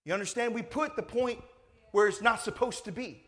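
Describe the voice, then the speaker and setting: A man's voice: very high voice, brisk, fairly bright tone. A male pastor preaching a sermon in a conversational, emphatic way, full of rhetorical questions.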